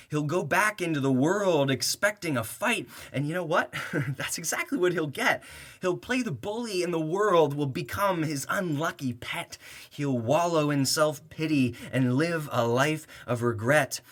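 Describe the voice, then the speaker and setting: A man's voice: fairly high pitch, fairly bright tone. A young man performing rhyming spoken-word poetry with a sarcastic, heated edge and bursts of laughter.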